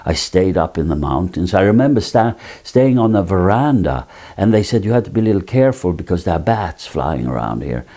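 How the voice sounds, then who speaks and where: Older guy, actor, rambling anecdotes full of uhs, warm low voice. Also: very animated, a little fast, few pauses. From Sweden. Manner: rambling anecdotes with fillers and restarts. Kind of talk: interview storytelling.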